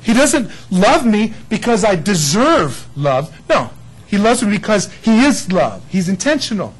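A man's voice: high voice, big pitch swings, measured pace, slightly rough, rough recording. A man preaching a sermon, telling stories with laughter and acted-out quotes. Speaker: pastor.

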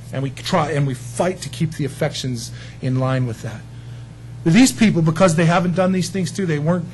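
A man's voice: a little high, a little mellow, a little hiss or hum, low-quality recording. A man preaching a sermon, emphatic and folksy, often asking his listeners questions.

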